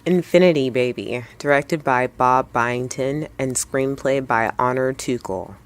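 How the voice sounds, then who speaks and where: A woman hosting her own channel, recapping a film in a relaxed, chatty way with playful slang and jokey asides. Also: very deep voice, unhurried, over loud music. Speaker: movie review vlogger. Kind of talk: casual spoken movie review.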